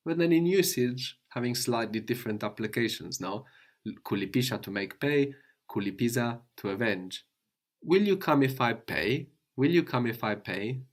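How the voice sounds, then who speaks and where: Man, low voice, patient teacher, explains step by step, asks questions. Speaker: language teacher. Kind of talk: guided language lesson.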